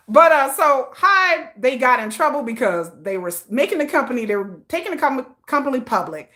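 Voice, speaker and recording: A woman's voice: sits high, brisk, few pauses. A woman hosting a casual K-pop livestream, reading viewer comments in a sassy, slangy manner and laughing often. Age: adult, old enough to have a teenage child. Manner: sassy and animated, with slangy put-downs and frequent laughter.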